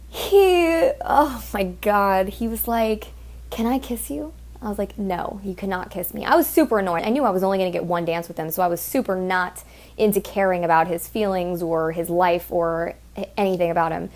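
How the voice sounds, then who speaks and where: A woman's voice: mid-range voice, normal speed, a little mellow. A woman hosting a podcast, telling a story in a blunt, heated, profane way and mimicking the people in it. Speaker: podcast host. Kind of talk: casual storytelling monologue.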